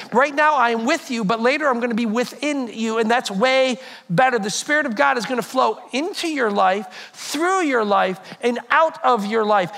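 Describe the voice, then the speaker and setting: A man preaching a sermon as pastor, telling stories and speaking directly to his congregation. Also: very high-pitched. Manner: storytelling, animated, addresses congregation directly.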